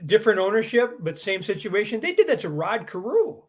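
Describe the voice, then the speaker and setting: A man hosting a casual sports chat, lively and high-spirited. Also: brisk. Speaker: podcast host.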